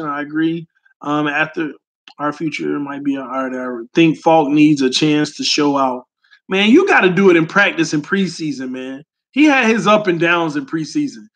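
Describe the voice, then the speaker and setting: A young man, hosting a casual sports fan talk and reading comments in an animated, emphatic, slangy way. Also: sits high. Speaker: sports fan channel host.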